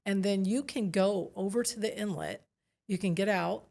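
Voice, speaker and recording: Female guest, gravelly, conversational and enthusiastic, casual podcast chat. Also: medium pitch, normal speed, darkish tone. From United States. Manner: chatty, enthusiastic recommender. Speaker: realtor guest.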